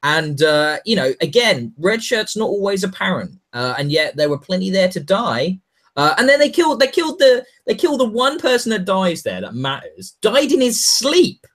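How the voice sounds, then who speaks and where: A man co-hosting a podcast in casual chat, animated and jokey, talking in quick bursts. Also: sits high. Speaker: podcast co-host.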